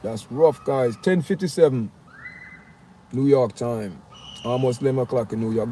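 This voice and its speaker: A man hosts a casual livestream from a windy city street, talking straight to his viewers in an animated way. His voice is dark and relaxed, of middling pitch. Faint traffic hum sits behind him. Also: normal speed. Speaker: livestream host. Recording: faint outdoor street noise.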